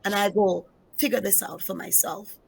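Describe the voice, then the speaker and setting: A woman's voice: medium pitch, fairly even intonation, moderate pace, gravelly, a little hiss or hum. A middle-aged woman pastor telling her personal testimony in an interview, emphatic, repeating key phrases and speaking straight to her listeners.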